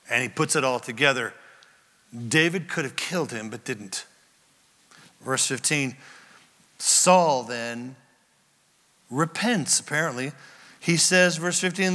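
A man preaching a sermon as pastor, retelling scripture scenes with lively acted-out voices. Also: medium pitch, takes it slowly, long pauses, long reverb tail.

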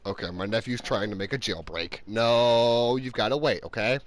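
A man's voice: fairly low pitch, normal speed, a little hiss or hum. A man live-streaming a game, chatting loosely and a bit tipsy while he babysits a small child. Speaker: gaming streamer. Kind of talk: casual live-stream chat.

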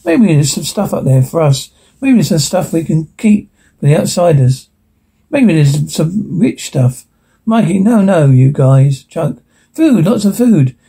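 A man's voice: fairly high pitch, sing-song, measured pace, creaky, mellow, slightly rough. A man reading a film transcript aloud, stumbling over words, restarting, and reading every part and stage direction in the same voice. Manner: reads stage directions and every character in one voice. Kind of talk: unrehearsed reading aloud of a script.

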